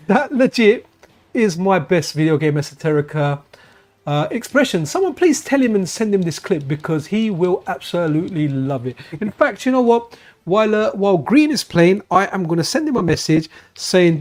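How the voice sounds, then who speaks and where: With a high-sitting, darkish, expressive voice at normal speed, a streamer chats casually while gaming on a live stream. He's at a friend's house playing retro games, enthusiastic and chatty, restarting his thoughts often.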